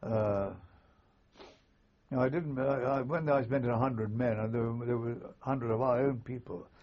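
An older man, a former army chaplain, recalling wartime memories in an oral history interview, with halting, understated speech and frequent restarts. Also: mid-range voice, steady tone. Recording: muffled lo-fi recording.

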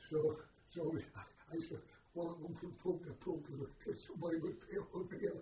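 An older army veteran telling oral history stories in a rambling, hesitant way, full of uhs and chuckles. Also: male voice, a little high, level tone, fairly quick, a little hiss or hum. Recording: roomy, distant, dull lo-fi tape.

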